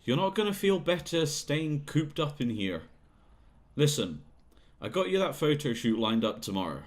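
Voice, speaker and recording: A man's voice: on the high side, very animated, moderate pace. A man voicing a manipulative, bullying male talent manager who talks down to a young singer, in a video game playthrough. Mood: sneering. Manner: condescending, bullying, sneering.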